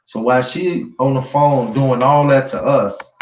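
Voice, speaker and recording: A man talks straight to his audience in casual, emphatic commentary, circling back to the same points again and again and swearing freely. His voice sits at an ordinary pitch. The sound is roomy and somewhat dull, like a lo-fi home recording. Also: steady tone, measured pace. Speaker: online news commentator.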